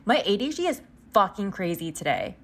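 A podcast host with a mid-range, sing-song voice talks fairly quickly while casually recapping a book. She keeps wandering off topic, leaning heavily on "like" and swearing offhandedly.

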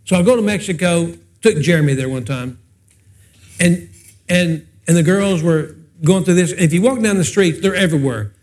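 A pastor preaches in a high, bright-pitched voice. He tells folksy, funny stories and keeps turning to the congregation with questions. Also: normal speed. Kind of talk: humorous preaching with personal stories.

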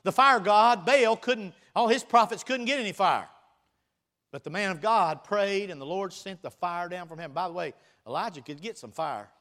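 A man preaching a sermon, reading scripture aloud and swinging between loud bursts and quiet, teasing asides. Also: high voice, normal speed.

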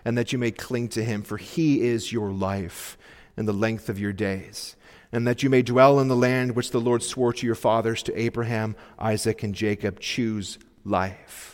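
A man's voice: lowish voice, steady tone, moderate pace. Earnest male pastor in a reverberant church. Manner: earnest, pleading exhortation with sudden soft drops. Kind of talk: sermon. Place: church sanctuary. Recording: long reverb of a church hall.

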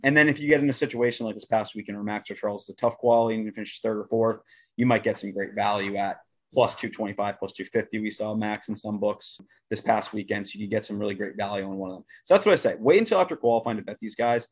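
A relaxed man co-hosts a casual sports podcast. He talks through betting tips with easy fillers. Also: on the low side, fast, breathy edge. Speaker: podcast co-host.

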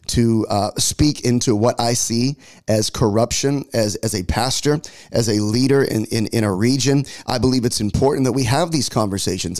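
Emphatic pastor, mid-pitched man. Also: darkish tone. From United States. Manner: emphatic, repeats words as he builds a point. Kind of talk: impassioned political commentary monologue.

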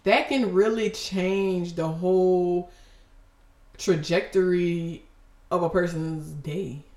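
A woman's voice: lowish voice, steady tone, slow pace, a little mellow, reverberant. A woman hosting a podcast and giving an emotional devotional talk, fervent and preachy, breaking off with exclamations.

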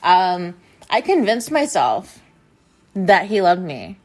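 A woman's voice: fairly low pitch, big pitch swings, takes it slowly. A young adult woman talking straight to her viewers in a confessional vlog, rambling with lots of fillers. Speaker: vlogger. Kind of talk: confessional casual monologue.

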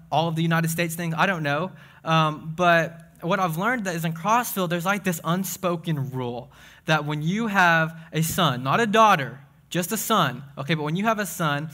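Speaking with a speech impediment, an excitable young man from Tennessee preaches a casual sermon full of jokes. He's fast and self-deprecating, and his bright voice runs fairly high.

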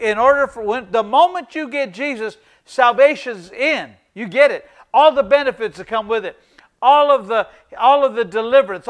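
Brief: middle-aged man, pastor, very high voice, emphatic and repetitive sermon delivery. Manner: emphatic, repeats key phrases for emphasis; addresses the congregation as ladies and gentlemen.

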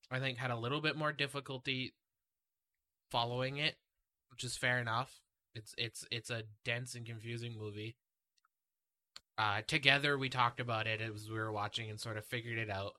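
A man hosting a casual podcast chat about a film, talking in an animated, rambling way. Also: medium pitch, moderate pace. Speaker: podcast host.

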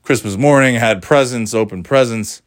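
A man's voice: medium pitch, moderate pace, no room sound, studio quality. A middle-aged man casually recounting a family holiday in a rambling, chatty way, often laughing and acting out what people said. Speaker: parent telling a family story. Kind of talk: casual storytelling vlog. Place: warm indoor room.

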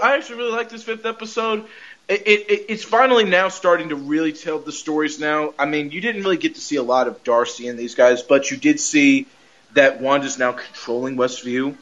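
Animated man hosting a podcast. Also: a little high, normal speed, lo-fi sound. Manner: rambling, animated, laughs often. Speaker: podcast host. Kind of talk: casual recap of a TV episode.

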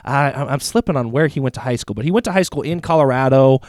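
An American man co-hosting a sports talk show, giving measured football analysis and sometimes restarting his sentences while he thinks. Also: medium pitch, darkish tone, dry recording, studio quality. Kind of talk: casual sports analysis chat.

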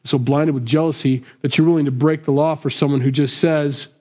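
Animated man preaching a sermon. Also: a little high, brisk. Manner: conversational, acts out quotes. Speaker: pastor. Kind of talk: expository sermon.

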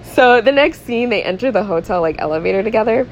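A young woman co-hosting a podcast casually recaps a film, chatty and full of fillers like "like," laughing often and swearing freely. Her mid-range voice has lively intonation and a fast pace. The recording is muffled, with slight background noise.

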